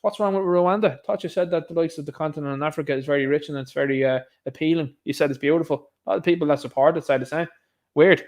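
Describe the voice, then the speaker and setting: A man's voice: on the high side, fast, darkish tone. A man with an Irish accent giving solo commentary to camera, sarcastic and scoffing in tone. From Ireland. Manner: sarcastic, scoffing, mocks others in put-on voices. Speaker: online commentator.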